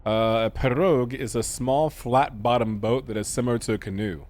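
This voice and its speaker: A man at a middle pitch reads story text from a game in a slow, measured way, then drops into loose, joking chatter with his viewers. His voice sits right in the usual range for a man. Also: a little mellow. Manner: slow, deliberate reading of narration, jokey asides. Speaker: gaming streamer. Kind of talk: reading game text aloud with casual commentary.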